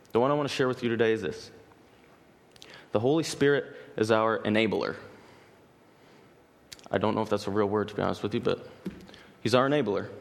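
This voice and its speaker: A man preaching a sermon in earnest, emphatic, repeating key phrases as he builds his points. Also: mid-range voice. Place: church sanctuary. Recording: long hall reverb.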